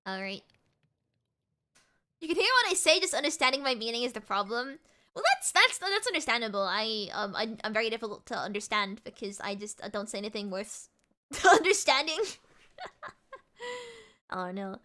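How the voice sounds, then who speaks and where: A young woman streaming and chatting with viewers, talking fast and giggling, with a mixed American and British accent. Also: fairly high pitch, sing-song, bright, forceful tone. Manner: rapid, giggly, repeats words. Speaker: VTuber streamer. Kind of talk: casual live-stream chat with viewers.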